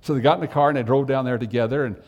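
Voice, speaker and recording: A man's voice: medium pitch, steady tone, very fast, darkish tone, long reverb tail. A man preaching a sermon as pastor, telling a folksy story and asking the congregation direct questions.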